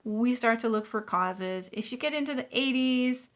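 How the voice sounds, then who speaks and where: A woman with a Southern US accent talks in a fairly high voice. She explains medical details in a clear, chatty way, like a nurse reacting to a news clip. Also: moderate pace. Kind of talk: casual commentary video.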